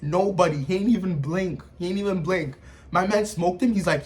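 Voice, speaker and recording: A man reviews anime in casual, hyped commentary. His voice sits high and he talks with animated energy, full of slang and sound effects. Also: normal speed.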